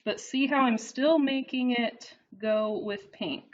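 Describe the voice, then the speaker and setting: A woman's voice: fairly high pitch, takes it slowly, slight background noise. Woman teaching math, slightly muffled. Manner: talks while writing, frequent "okay?" check-ins. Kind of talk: classroom video lesson, working through notes. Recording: slightly dull, lo-fi recording.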